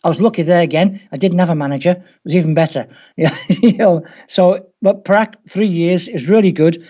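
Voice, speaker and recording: A man's voice: sits high, brisk. A man from England with a Scouse accent, a football coach telling wry stories in an interview. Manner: anecdotal, wry, acts out quoted voices. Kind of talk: storytelling interview. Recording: dull lo-fi audio.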